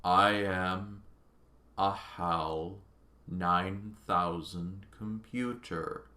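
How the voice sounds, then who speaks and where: A man voicing a calm, polite male ship computer with a soft, low, deadpan monotone that turns coldly menacing. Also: extremely slow, heavily acted. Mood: fading slow.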